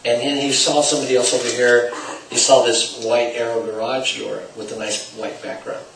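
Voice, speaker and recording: A man's voice: medium pitch, level tone, normal speed, creaky, a bit bright, a little hiss or hum. Man lecturing salespeople in a roomy space. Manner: acts out dialogue with shifting volume. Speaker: sales trainer. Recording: roomy, distant mic, faint ambience.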